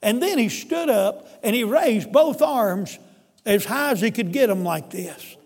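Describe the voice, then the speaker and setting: A man's voice: high voice, expressive, unhurried, in a large hall. A male pastor telling a story in a folksy, emphatic sermon. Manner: folksy, emphatic, addresses listeners as brother.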